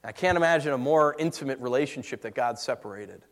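Animated and quick, a man with a medium-pitched voice tells a personal story while preaching a sermon. The emotion in it pulls his voice back and forth between hushed and raised.

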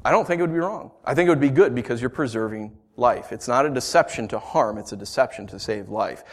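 A man preaching a sermon, animated and acting out the story in voices. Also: mid-range voice, fast talker. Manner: animated, acts out the scenes in voices. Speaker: pastor.

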